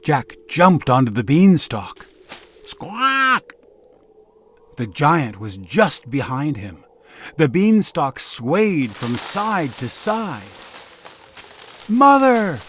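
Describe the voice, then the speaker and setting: A man reading a children's fairy tale aloud, taking his time over every phrase. His pitch rises and falls a great deal as he tells it. A faint hiss sits under the recording. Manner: slow, expressive storytelling. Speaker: narrator. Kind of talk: children's story read-aloud.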